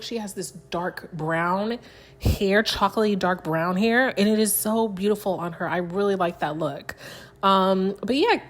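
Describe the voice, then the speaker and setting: A woman hosting a casual reality TV recap, chatty and gossipy, slipping into animated quoted voices. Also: mid-range voice. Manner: chatty, animated, gossipy, uses "child" and "girl". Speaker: recap host.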